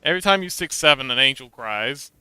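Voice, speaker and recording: A man's voice: medium pitch, lively intonation, a little fast, bright, forceful tone, clear, resonant tone, dry recording, poor audio. A man from Hong Kong chatting casually with his livestream chat while he models an avatar, with many fillers and restarts. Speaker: VTuber streamer. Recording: dry close mic, faint background music.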